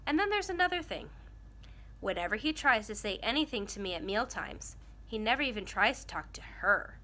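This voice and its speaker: A woman's voice: fairly high pitch, big pitch swings, moderate pace, bright, forceful tone. A woman voicing a miserable young boy who talks in a heated, defensive way in a storybook read-aloud.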